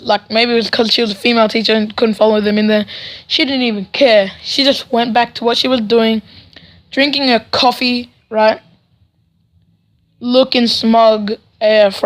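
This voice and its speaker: A man's voice: very high-pitched, fairly bright tone. A teenage boy telling a storytime vlog in a rambling, sarcastic way, with frequent "right?" asides. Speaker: vlogger.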